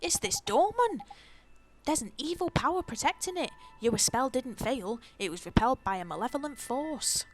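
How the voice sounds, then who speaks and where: Woman doing a cheeky fairy guy from a game, brash and slangy, a bit high. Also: big pitch swings, normal speed, faint music behind. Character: cheeky slangy little male fairy sidekick. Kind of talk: reading game dialogue in voices.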